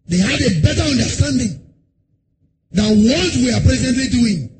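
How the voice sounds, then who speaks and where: A male pastor giving a sermon in a church service, chanting lines in a sing-song way, breaking into shouts and firing rhetorical questions at the congregation. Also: very high voice, lively intonation, normal speed. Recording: noisy live sermon recording.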